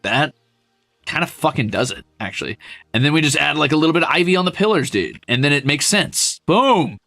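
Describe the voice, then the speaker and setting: A man streaming a zoo-building game, chatting casually with his viewers, animated and self-mocking, swearing freely. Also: on the high side, brisk, gravelly, dry recording, faint music behind.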